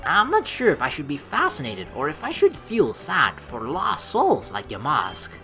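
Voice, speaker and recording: An earnest, bookish young male student from a visual novel, voiced by a woman. He talks softly and politely, asking careful questions, his pitch moving in wide swings. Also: huge pitch swings, moderate pace, faint music behind, full character voice. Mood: thoughtful. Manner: polite, quiet, inquisitive.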